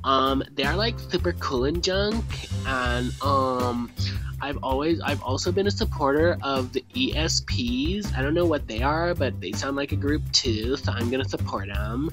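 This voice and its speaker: A man's voice: mid-range voice, expressive, a little slow, lightly acted. A man voicing a ditzy, scatterbrained young woman YouTuber who rambles in a valley-girl drawl, with music playing behind.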